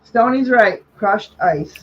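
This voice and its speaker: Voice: mid-range voice, expressive, slow pace, faint music behind. A co-host in casual chat on a video call, reading out trivia questions in a blunt, teasing way. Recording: dull line with faint noise.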